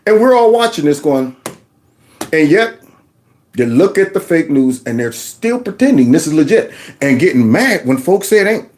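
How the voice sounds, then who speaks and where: A man hosting a political commentary show, animated and mocking, slipping into impressions. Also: normal speed. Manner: animated, mocking impressions, lively pitch swings.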